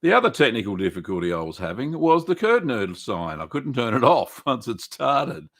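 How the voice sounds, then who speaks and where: A man's voice: medium pitch, sing-song, normal speed. A man with an Australian accent hosting a casual livestream, greeting viewers by name with lots of "um" and "uh". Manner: chatty, greets viewers by name, many fillers. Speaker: livestream host.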